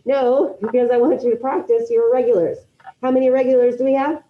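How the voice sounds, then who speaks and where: A woman's voice: a little high, little pitch movement, fast. A woman teaching a Spanish class online, calling on students by name and encouraging their answers. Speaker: high school Spanish teacher. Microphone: video call. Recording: dull lo-fi video call audio.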